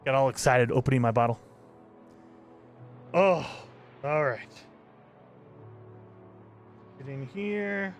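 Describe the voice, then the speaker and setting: A man's voice: mid-range voice, animated, measured pace, soft background music. A man streaming a space survival game, chatting casually with his viewers and laughing often while he plays. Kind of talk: casual live game commentary.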